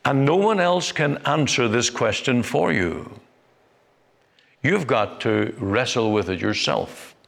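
A male Bible preacher delivers a sermon at a very slow, deliberate pace, leaning on single words and leaving long pauses. His voice sits at an ordinary middle pitch. A long hall reverb trails each phrase. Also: lively intonation, gravelly, fairly bright tone.

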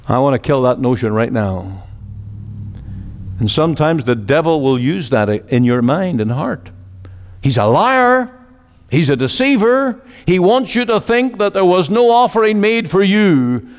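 A man preaching a sermon emphatically, with loud rising appeals that drop to low, drawn-out endings. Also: sing-song. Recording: long reverb of a large hall.

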